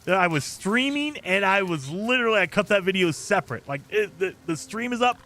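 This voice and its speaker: Speaking briskly in a high, bright, forceful voice with lively intonation, a male gaming streamer reacts casually to his live chat, filling his talk with fillers.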